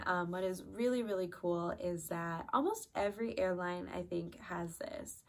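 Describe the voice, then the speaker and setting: A young woman in her twenties, casually telling a personal story to the camera, chatty, with lots of fillers. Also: lowish voice. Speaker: vlogger, flight attendant.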